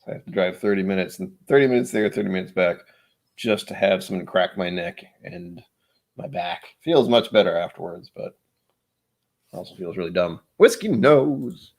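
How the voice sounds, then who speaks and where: A man's voice: low voice, moderate pace. A man hosting a livestream, chatting casually over drinks, rambling, joking and poking fun at himself. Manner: rambling, joking and self-deprecating. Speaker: livestream host.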